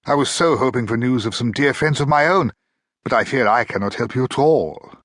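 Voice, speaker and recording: A man voicing a gentle, eccentric male time traveller who stays calm and polite. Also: mid-range voice, fairly quick, no room sound, studio quality, voice pushed up, natural voice. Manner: calm, polite, mildly amused.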